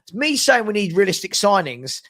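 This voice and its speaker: A man hosting a live football stream, chatty and teasing as he reads viewer comments and gives shout-outs. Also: high-pitched, very animated, moderate pace. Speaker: host of a live football transfer show.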